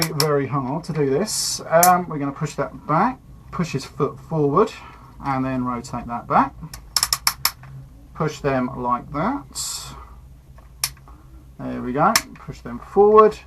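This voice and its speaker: A man's voice: fairly high pitch, a bit bright, slight background noise, poor audio. A man casually reviewing a toy, chatting easily as he handles it. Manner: chatty and easygoing, narrating while fiddling with a toy.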